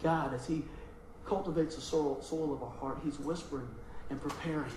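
A middle-aged man preaching a sermon, telling animated stories and often asking the congregation "amen?". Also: on the high side, moderate pace, recorded from a distance. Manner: animated storytelling, frequent call-and-response "amen?". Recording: echoey room with faint ambient noise.

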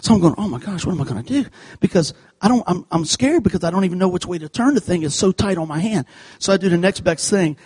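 A man giving an animated sermon, telling a folksy personal story and acting out the scenes. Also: sits high, quick pace, hardly any pauses, breathy edge. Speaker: church speaker. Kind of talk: sermon told through a comic personal story.

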